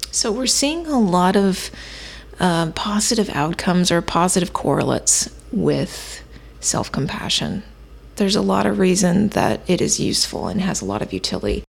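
A woman hosting a self-help podcast, teaching in a calm, measured way and thinking aloud with occasional fillers. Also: fairly low pitch, creaky. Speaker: podcast host.

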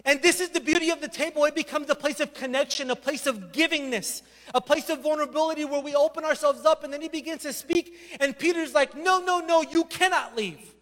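A male pastor preaches a sermon with a very high voice. He tells the story with animated energy and slips into acted voices. His words ring out with a long reverb in a large hall. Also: fast, few pauses.

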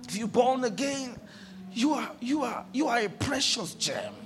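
A man preaching a sermon, swinging between quiet reflection and fervent shouts. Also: extremely high pitch, big pitch swings, measured pace, background noise.

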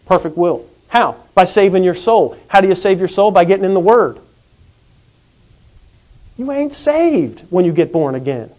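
A man preaching a sermon in a folksy, animated way. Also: high-pitched. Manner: folksy, animated, acts out quick comic voices. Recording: dull lo-fi recording.

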